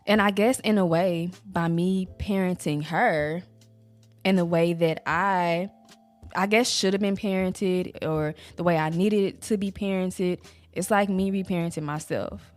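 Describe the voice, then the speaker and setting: A woman's voice: fairly low pitch, fairly even intonation, measured pace, a little mellow, soft background music. A woman and mother talking candidly about her own healing, in a casual, rambling way with many "like" fillers. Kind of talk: candid personal talk to camera.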